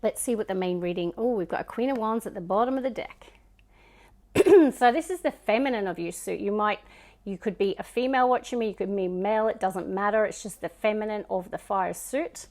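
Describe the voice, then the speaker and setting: A woman with a Scottish accent talks through a tarot spread in a relaxed, chatty way. She muses aloud as she reads each card and often drops into soft murmurs between them. Her pitch sits in an ordinary middle range. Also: brisk. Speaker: tarot reader. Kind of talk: casual tarot card reading.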